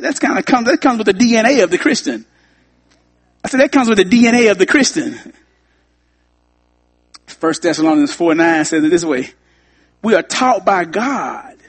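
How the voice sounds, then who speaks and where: A man's voice: sits high, husky. A man preaching to his congregation, repeating lines for emphasis and talking straight to the room. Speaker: pastor. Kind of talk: sermon.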